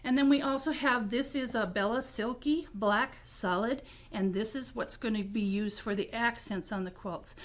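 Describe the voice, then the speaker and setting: A woman's voice: fairly high pitch, normal speed, few pauses. A middle-aged woman co-hosting a quilt shop video, chatting enthusiastically about fabrics with frequent ums. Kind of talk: casual product presentation.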